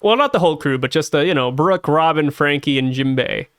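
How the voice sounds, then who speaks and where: A man's voice: a little high, animated, a little fast, a bit bright, smooth. A young man co-hosting a casual podcast, laid-back and teasing as he recaps. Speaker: podcast co-host. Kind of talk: casual chat.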